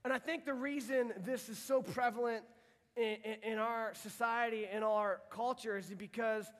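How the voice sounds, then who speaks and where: High-voiced young pastor in a reverberant hall. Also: male voice, fairly even intonation, normal speed, fairly bright tone. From United States. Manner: casual, earnest, frequent restarts. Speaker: youth pastor. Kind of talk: sermon to teenagers.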